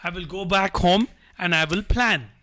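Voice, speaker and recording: A man's voice: sits high, moderate pace, sharp tone. A man giving a live online motivational talk to students, repeating himself and coaxing the audience to type replies. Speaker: motivational speaker.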